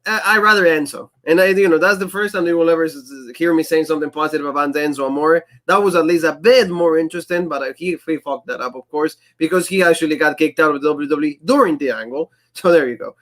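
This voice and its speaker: Higher-pitched accented man, animated podcast chat. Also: quick pace, few pauses. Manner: animated, frequently acts out quotes in shifting voices; speaks English with a non-native accent. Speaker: co-host of a wrestling review show.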